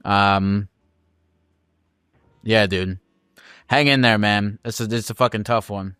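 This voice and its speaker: A man's voice: lowish voice, fairly even intonation, takes it slowly, a bit bright, clear, resonant tone, dry recording, studio quality. A man hosting a call-in advice show, talking casually with many restarts and plenty of swearing.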